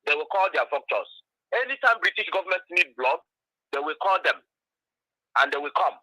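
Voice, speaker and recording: A man calling in to a talk show, halting with fillers before pressing his argument. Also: fairly high pitch, expressive, dry recording. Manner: halting, many fillers, then forceful. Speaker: caller. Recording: dry tinny phone line.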